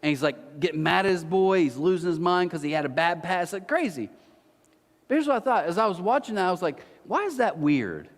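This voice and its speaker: A man, a pastor, delivering a sermon with animated storytelling and self-mocking humor. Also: high-pitched, brisk, big-room sound. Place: church auditorium.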